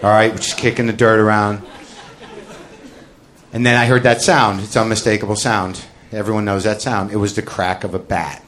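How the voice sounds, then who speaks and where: A man doing a stand-up comedy routine, telling a rambling, self-deprecating confessional story and breaking into loud shouted bits. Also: on the low side, little pitch movement, normal speed, a faint crowd.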